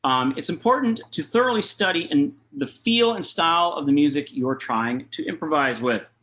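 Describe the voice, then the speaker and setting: A man's voice: on the high side, lively intonation, normal speed, a bit bright. A man giving a casual online jazz master class, talking through rhythm exercises and scatting them aloud. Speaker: jazz saxophone clinician. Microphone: video call.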